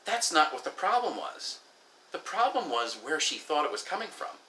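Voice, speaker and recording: Man, casual story vlog, candid rambling asides, very bright sharp tone, echoey room. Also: on the high side, sing-song, normal speed, a little hiss or hum. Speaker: vlogger.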